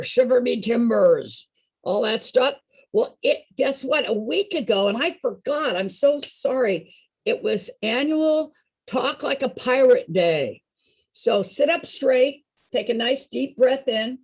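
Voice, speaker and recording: Playful, husky woman leading a group. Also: a little high. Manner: playful, chatty, encouraging. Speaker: activity leader. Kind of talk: leading a group activity session over video call.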